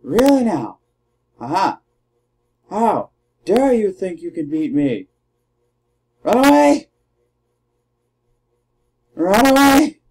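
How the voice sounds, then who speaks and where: A man doing let's play commentary, trash-talking his opponents and shouting battle cries. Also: a little high, slightly rough. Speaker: gamer.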